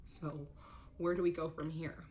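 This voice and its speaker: A woman's voice: low-pitched, level tone, unhurried, darkish tone, slight background noise. A woman telling a painful personal story in an earnest, confessional vlog, quoting others and getting emotional as it goes. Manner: emotional, voice rising when upset. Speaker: storyteller recounting a personal ordeal. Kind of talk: personal story vlog, played in a reaction stream.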